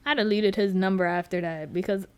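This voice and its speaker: A woman's voice: medium pitch, steady tone, brisk, clean tone. A young adult woman hosting her own podcast, rambling frankly and cursing as she tells stories about people she knows. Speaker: podcast host. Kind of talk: casual solo chat.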